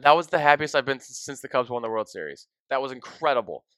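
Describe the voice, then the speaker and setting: A young man hosting a podcast, telling an emotional story in a casual, excitable way, full of "dude" and "like.". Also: mid-range voice, quick pace, no room sound. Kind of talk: casual chat.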